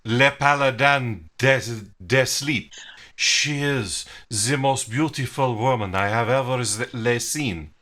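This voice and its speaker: A man's voice: medium pitch, slow pace, sharp tone. Brief: man putting on a bumbling, gallant French-accented romantic, drawling and hammy. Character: bumbling lovestruck French-accented male hero.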